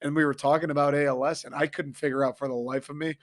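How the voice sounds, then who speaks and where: A young Michigan man hosts a casual sports talk show, his voice hoarse and a bit raspy after a concert. He rants excitably and profanely, pitched on the high side and talking quickly.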